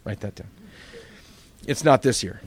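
A man's voice: medium pitch, a little slow. A man preaching as a pastor, telling funny stories and acting out the voices of the people in them. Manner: animated, acts out voices in his stories. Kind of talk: storytelling sermon.

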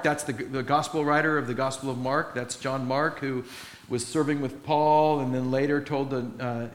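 A man's voice: medium pitch, slight background noise. A male pastor preaching a sermon, telling stories with animation and acting out the people in them. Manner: animated storytelling, acting out quotes with laughter. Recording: roomy echoey sound.

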